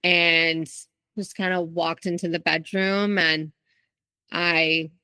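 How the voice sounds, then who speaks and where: A woman's voice: fairly low pitch, flat delivery, slow pace, bright, forceful tone, clear, resonant tone, no echo. A woman guest in an interview, telling her own story in a candid, reflective way with frequent restarts. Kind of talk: interview, personal account.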